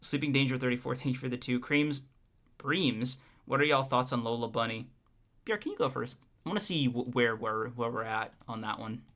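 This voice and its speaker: A young man co-hosts a podcast livestream, chatting casually with his audience, joking, laughing a lot, and restarting his sentences. His mid-range, fairly bright voice moves a little fast.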